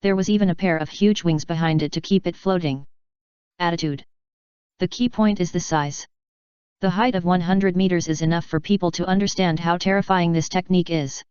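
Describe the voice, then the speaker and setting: Smooth low-voiced woman narrating. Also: fairly quick, a little mellow, no echo, muffled recording. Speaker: audiobook narrator. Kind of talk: scripted narration.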